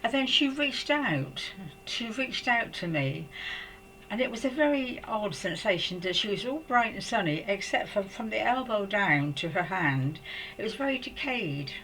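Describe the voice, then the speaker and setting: An older woman from England tells a personal story to camera at home. She speaks softly and reflectively, with many hesitations and restarts. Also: medium pitch, expressive, slight background noise, poor audio. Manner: halting, hesitant, with frequent restarts. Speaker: psychic storyteller.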